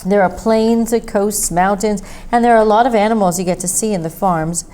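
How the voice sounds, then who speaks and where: A woman's voice: mid-range voice, fairly even intonation, moderate pace, mellow, close to an everyday voice. A woman voicing a thin, talkative male roadside traveler with a thick accent. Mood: wistful. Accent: thick put-on accent. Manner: chatty, folksy storyteller.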